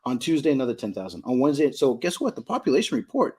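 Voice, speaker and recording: A man's voice: on the high side, big pitch swings, rapid-fire, few pauses, a little mellow, husky. A middle-aged man from Southern California, a card shop owner, talking emphatically as a podcast guest and repeating his points. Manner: emphatic, repeats points, asks "you know what I mean?". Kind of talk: casual podcast conversation.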